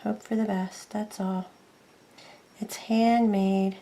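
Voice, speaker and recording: Slow, chatty woman crafting at home. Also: mid-range voice, level tone, warm tone. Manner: chatty, thinks aloud while working, self-deprecating. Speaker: craft tutorial host. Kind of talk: casual craft tutorial narration.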